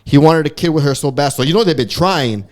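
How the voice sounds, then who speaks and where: A man co-hosting a podcast, chatting casually about movies in a rambling, animated way and swearing freely. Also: fairly high pitch, quick pace. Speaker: podcast co-host. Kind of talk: casual chat.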